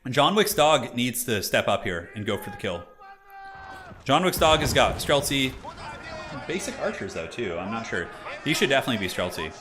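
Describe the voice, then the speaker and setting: A man casually commentating a strategy game on his live stream, rambling and animated with lots of "like" fillers. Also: mid-range voice, normal speed.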